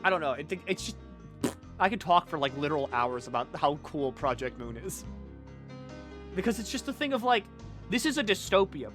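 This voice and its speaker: A young man chatting on a game stream, his voice sitting a little high for a man. He rambles, swears freely and gets excitable, breaking into goofy character impressions as he talks. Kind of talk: casual chat while gaming.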